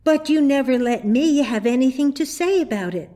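A woman's voice: animated, normal speed, mellow. Storybook girl, young and earnest, eager and insistent, read by a woman. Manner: raised pitch, eager and insistent.

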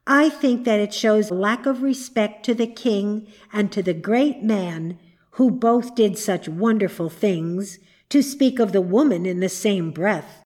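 A woman's voice: mid-range voice, measured pace, a little mellow, lightly acted. A woman reading a doubting, disapproving dream spirit. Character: a dream, a questioning, skeptical spirit. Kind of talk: storybook reading.

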